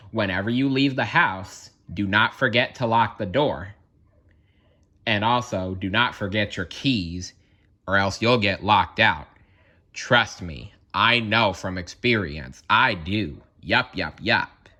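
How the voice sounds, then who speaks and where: A man's voice: lowish voice, sharp tone. A man narrating a children's read-aloud story, playful and talking straight to the listener. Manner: playful, addresses listener directly.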